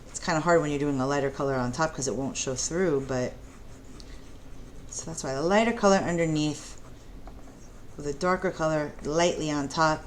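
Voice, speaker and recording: A woman teaching a preschool art lesson in a gentle, encouraging way, talking the children through each step and asking them questions. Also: low-pitched, a little hiss or hum.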